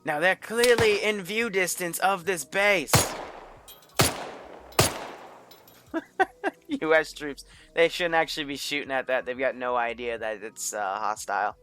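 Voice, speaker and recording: A man putting on a mock Australian accent to narrate gameplay like a wildlife documentary, in a raised, excited tone. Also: on the high side, normal speed, voice pushed up, close to an everyday voice. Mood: amused. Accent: put-on Australian.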